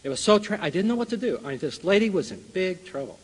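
An older man with a notably high, slightly rough voice tells a personal story to a church audience, chuckling often and acting out scenes. He is a Bible college teacher and speaker who is very animated and talks fast. The long reverb of a large hall rings around his voice.

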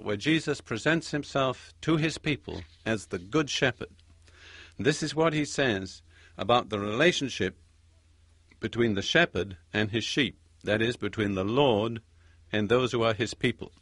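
A man preaching a sermon, reading scripture in a measured, emphatic way. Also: medium pitch, fairly bright tone, dry recording.

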